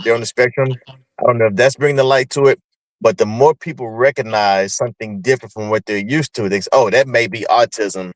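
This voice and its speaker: A man hosting a podcast, explaining his points in a measured, thoughtful way. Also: fairly low pitch, no room sound, rough recording. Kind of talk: podcast discussion.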